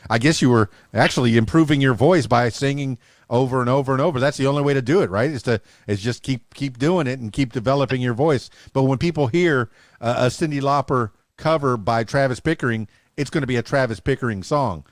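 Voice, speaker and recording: A man's voice: medium pitch, fairly quick, dry recording, clean studio sound. A man hosting a podcast, asking questions in an enthusiastic, talkative way. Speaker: podcast host. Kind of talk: casual interview chat.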